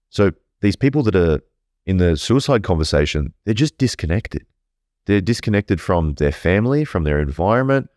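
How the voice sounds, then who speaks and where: A man's voice: low-pitched, a little mellow, dry recording, studio quality. A man speaking bluntly and earnestly as a podcast guest, swearing freely in casual interview talk.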